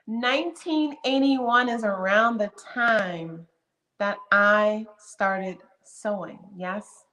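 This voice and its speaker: A woman's voice: medium pitch, drawn-out words, sharp tone. A woman in her fifties hosting a live stream, chatting casually and greeting viewers one by one by name. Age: 50s. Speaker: livestream host.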